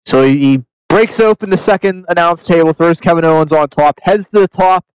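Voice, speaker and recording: A young man co-hosting a podcast, excited and emphatic, swearing freely in casual chat. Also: a little high, fairly quick, clean tone, dry recording, poor audio. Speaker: podcast co-host.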